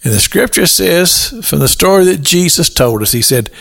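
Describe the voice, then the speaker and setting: A man preaching a slow, emphatic radio sermon that rises to fervent peaks. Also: fairly high pitch, expressive, creaky, a bit bright.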